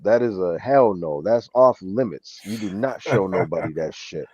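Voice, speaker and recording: Low-voiced Western Massachusetts man, rambling. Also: animated, normal speed, darkish tone, husky, no echo, lo-fi sound. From Springfield, Massachusetts. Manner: rambling, profane, lots of "like". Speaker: co-host. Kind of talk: casual chat.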